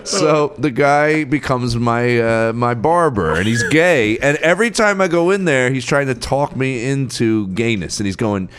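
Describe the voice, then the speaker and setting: Animated man telling a comic story. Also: medium pitch, measured pace, few pauses. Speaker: podcast host.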